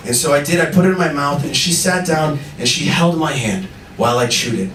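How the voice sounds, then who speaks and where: A male stand-up comedian telling animated, energetic stories on stage with a slightly high voice. He is heard through an echoey live venue, as if from far back, with steady audience noise behind. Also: fast talker. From Indian and American. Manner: energetic, animated storytelling with punchlines.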